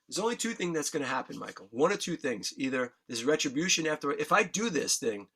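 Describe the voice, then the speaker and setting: A man's voice: on the high side, sing-song, fast talker, few pauses, bright, forceful tone, husky. Emotional New man telling his story. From New York. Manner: earnest, candid, swears freely, emotion audible in voice. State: choked up. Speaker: guest musician.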